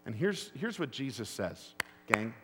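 A man's voice: medium pitch, very animated, measured pace, very noisy. A man preaching a sermon to his congregation. He tells stories and keeps asking the room rhetorical questions. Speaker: pastor. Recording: long hall reverb.

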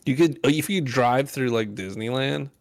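A man's voice: mid-range voice, measured pace, gravelly. A man co-hosting a gaming podcast in casual chat, joking and teasing his friends. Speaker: podcast co-host.

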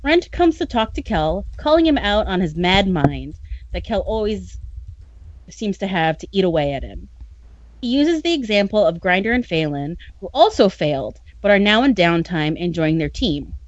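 A woman's voice: mid-range voice, sing-song, moderate pace, no echo, lo-fi sound. A woman hosting a podcast, recapping a story in a chatty, sarcastic way and often laughing. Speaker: podcast host recapping a novel. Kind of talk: casual chat.

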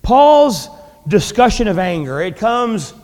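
A high-voiced male pastor delivering a sermon in a casual, conversational way, swinging up and down for emphasis. His voice rings out with a long reverb, as in a large church. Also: very animated, takes it slowly, a little mellow. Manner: conversational preaching with dramatic pitch swings and asides.

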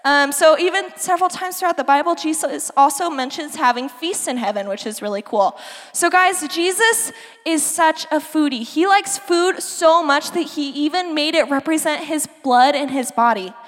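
A woman's voice: high-pitched, animated, moderate pace, fairly bright tone. A young woman preaching to a youth group in a bubbly, chatty way, talking straight to the kids. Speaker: youth pastor. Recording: long hall reverb.

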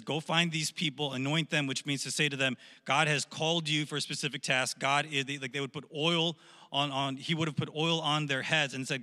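A man in his thirties gives a youth sermon in a large hall, his voice very bright and a little high. He talks casually, stumbling over repeated words and pressing hard on the key lines. A long reverb trails each phrase. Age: 30s. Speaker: youth pastor.

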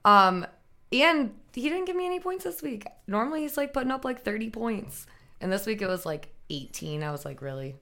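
A bubbly woman chats as a guest on a casual podcast. She talks in an animated way, laughs easily, and gets loud when she is excited. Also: fairly high pitch, normal speed. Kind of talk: casual chat.

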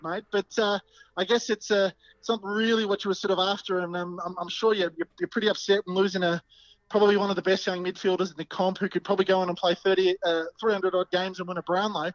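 A man's voice: high voice, steady tone, quick pace, no room sound, lo-fi sound. An Australian man doing a comic mock field report, hesitant and full of ums. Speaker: podcast co-host playing a field reporter.

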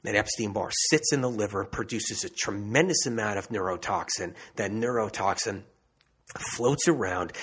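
A man's voice: on the low side, a bit bright, breathy edge. A man giving an emphatic health monologue, repeating phrases for emphasis and restarting often. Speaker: health speaker. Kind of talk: impassioned monologue.

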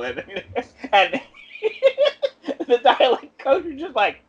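A man's voice: very high voice, wildly swooping pitch, extremely slow, pauses often, husky. A man co-hosting a casual podcast chat, talking chattily and laughing often. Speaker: podcast co-host. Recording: dull lo-fi recording.

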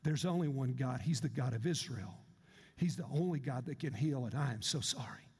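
A man voicing a proud army captain who has been humbled, speaking low and apologetically. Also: a little fast, darkish tone, long reverb tail, lightly acted. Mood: contrite.

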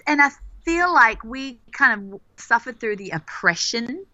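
A playful Australian woman, with some American traces in her accent, talks as a podcast guest. Her voice is bright and fairly high. The remote audio is dry and dull. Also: animated, unhurried, no room sound. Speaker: guest, company co-founder.

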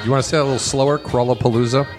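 A man's voice: medium pitch, lively intonation, fairly quick, music in the background. A man co-hosting a podcast on location, joking and teasing his partner in casual banter. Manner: teasing, dry joker. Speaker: podcast co-host. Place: on location, remote broadcast.

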